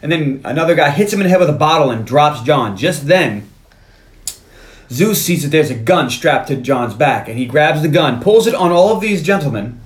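A man hosting a casual movie podcast, retelling scenes with lively bursts of character voices. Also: fairly high pitch, roomy sound. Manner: animated retelling with quick impressions of characters. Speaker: podcast host.

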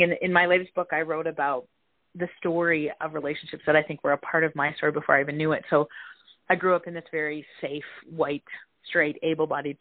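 Animated woman psychologist, tinny dry audio. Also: sits low, dry recording. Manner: animated storyteller acting out quoted voices. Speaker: psychologist and author, interview guest. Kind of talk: storytelling in casual interview.

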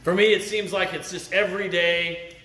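A middle-aged man gives a sermon in a relaxed, conversational way, telling stories from his own life and checking in with the crowd by asking "right?" His voice sits a little high for a man. The hall around him gives a noticeable echo. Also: normal speed. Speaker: lay preacher. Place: camp meeting hall.

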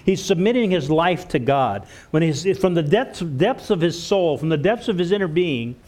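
A man's voice: on the high side, expressive, normal speed, darkish tone. A man preaching a church sermon, earnest, stumbling over and repeating words as he goes. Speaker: pastor.

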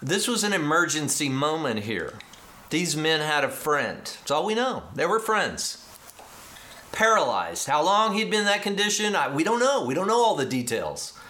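A man delivers a sermon as a lively story, acting out the people in it and building to excited peaks. His voice sits a bit high and sounds bright and forceful. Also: normal speed. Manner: animated, acts out quoted dialogue, rising to excited emphasis. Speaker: pastor.

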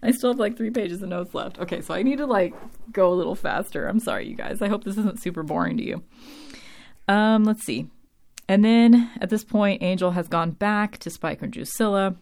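A woman with a gravelly, slightly mellow mid-range voice recaps a TV episode at a moderate pace. She rambles casually, using lots of "like" and "um," and her voice is getting tired from extended talking.

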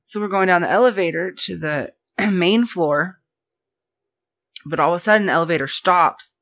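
A woman telling a rambling story in casual podcast chat, animated and full of fillers. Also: on the low side, moderate pace, no echo. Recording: dull lo-fi podcast audio.

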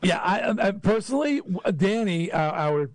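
Fired-up high-voiced man, bragging. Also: sing-song, normal speed, dry recording. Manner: boastful, fired-up, emphatic. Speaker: rock band musician. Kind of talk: casual podcast conversation.

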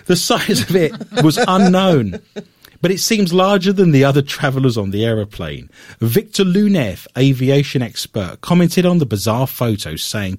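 A man's voice: fairly high pitch, lively intonation, normal speed, no echo, clean studio sound. A man hosting a podcast, reading odd news stories and breaking into playful, self-mocking banter. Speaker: podcast host. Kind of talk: joking casual chat.

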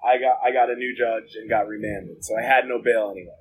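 A man's voice: on the low side, fairly even intonation, fast talker, poor audio. Guy rambling thru his story, swears a lot, lots of "like", faint hiss behind him. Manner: blunt, profane, rambling with many "like" fillers. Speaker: interview guest. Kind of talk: candid storytelling about jail and addiction.

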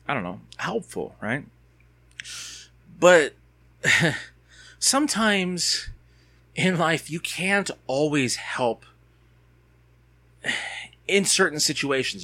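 A man's voice: mid-range voice, sharp tone. A man telling a personal story in a casual, rambling way, full of fillers and restarts. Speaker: father recounting a personal experience.

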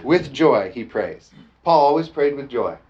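A man preaching a lively sermon, often calling out "amen?" and joking with the congregation. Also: medium pitch, a little slow. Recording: dull lo-fi sound with faint background noise.

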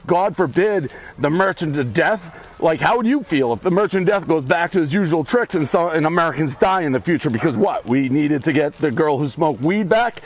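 A man's voice: on the high side, animated, a little fast, few pauses. A man ranting bluntly and with lots of swearing while walking, out of breath. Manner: blunt, profane, fired-up. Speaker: commentator ranting in a video clip. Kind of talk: casual rant while walking. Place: outdoors on a street, walking.

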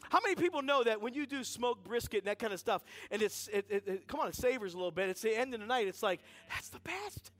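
High-voiced man telling a lively sermon story. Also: fast talker, hardly any pauses. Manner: energetic and conversational, acts out dialogue in the story. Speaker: guest speaker at a church service. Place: church sanctuary.

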